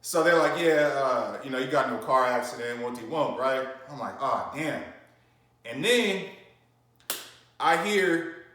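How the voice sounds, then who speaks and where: Rambling, slangy man, mid-pitched, telling his story in a very echoey room. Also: expressive, measured pace, sharp tone, distant mic. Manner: slangy, rambling, full of fillers and restarts. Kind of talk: casual storytelling.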